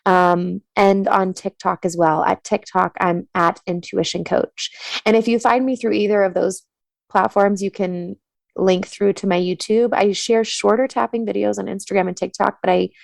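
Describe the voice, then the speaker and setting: Calm soothing woman guiding tapping. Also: mid-range voice, normal speed, creaky, no echo. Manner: gentle affirming murmurs while listening. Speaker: guest, tapping coach. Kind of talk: guided tapping meditation and interview answers.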